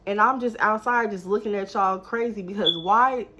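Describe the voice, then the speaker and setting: A young woman telling a story to her viewers in a casual, animated, exasperated way. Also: medium pitch, moderate pace, noisy background.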